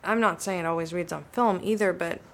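Gravelly-voiced woman actor telling stories. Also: on the low side, brisk. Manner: animated, acts out remembered dialogue. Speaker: actor and director guest. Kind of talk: reflective conversational storytelling.

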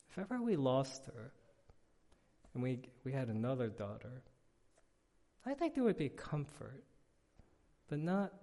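Man preaching in a reverberant hall. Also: mid-range voice. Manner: casual, animated storytelling with frequent filler words. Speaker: pastor. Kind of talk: conversational sermon.

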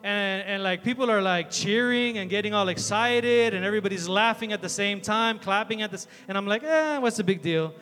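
A man giving a youth sermon in a large hall with an audience, telling a story in a chatty, energetic way full of fillers. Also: sits high, brisk, hardly any pauses, soft background music. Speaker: youth preacher.

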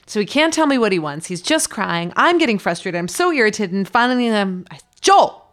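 A woman's voice: medium pitch, fairly quick. A woman pastor in her thirties, sharing reflections and personal stories in an earnest, storytelling way. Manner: earnest, storytelling, animated quotes. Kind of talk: reflective faith chat.

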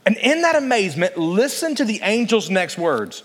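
A man preaching a sermon as pastor, earnest and deliberate, slowing down to read scripture and prompting the congregation to answer. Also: high-pitched, big pitch swings, in a large hall.

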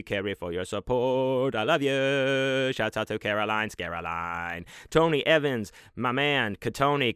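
A man hosting a podcast, giving casual, effusive shout-outs to supporters and swearing freely. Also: lowish voice, smooth, no room sound, clean studio sound. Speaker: podcast host.

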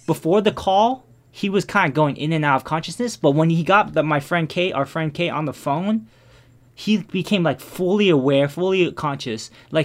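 A man in casual conversation, telling a personal story in a subdued, reflective way, full of restarts and fillers that trail off quietly. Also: a little high, moderate pace.

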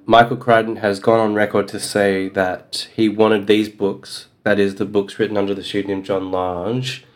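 A man's voice: fairly low pitch, little pitch movement, moderate pace. A man co-hosting a casual podcast about a novel, recapping the plot in a dry, wry way. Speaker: podcast co-host.

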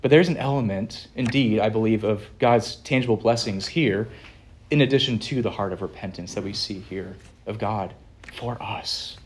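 A man preaching a sermon as pastor, earnest, slowing down and swelling louder on the key phrases. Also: on the low side.

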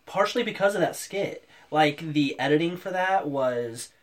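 A man's voice: a little high, animated, moderate pace. Easygoing man podcast co-host. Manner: easygoing, laughs along, teasing. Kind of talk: casual chat.

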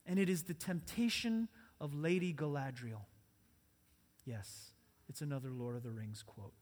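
A male pastor preaching a sermon, earnest and repetitive, moving between hushed and loud. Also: on the high side, moderate pace. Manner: earnest, repeating phrases, swings between soft and loud. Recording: long hall reverb.

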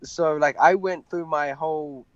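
A young man, an MMA fighter, telling a personal story in an interview, halting and full of fillers. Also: fairly high pitch, fairly even intonation, no room sound, muffled recording. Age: young adult. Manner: halting, many fillers and restarts.

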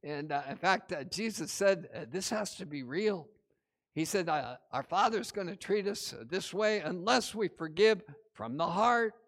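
A male pastor preaching a sermon, retelling a parable with animated emphasis and frequent "uh" fillers. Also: high-pitched, unhurried. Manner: many "uh" fillers, animated storytelling with rising emphasis.

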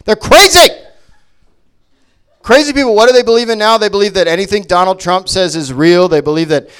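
A man's voice: high-pitched, fairly even intonation, fast talker, smooth. Profane sarcastic male stand-up comic. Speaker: stand-up comedian. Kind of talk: stand-up comedy set. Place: comedy venue.

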